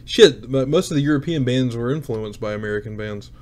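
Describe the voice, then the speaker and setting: Brief: relaxed, profane male host, casual chat reading viewer comments. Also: mid-range voice, a little fast. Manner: profane, laid-back, reads viewer comments aloud.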